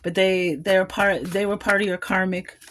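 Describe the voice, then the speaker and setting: In this clip a woman gives a collective tarot reading, thinking out loud and rambling, with little laughs between her thoughts. Her voice is medium in pitch and fairly bright, her intonation fairly even, and her pace moderate. There is slight background noise.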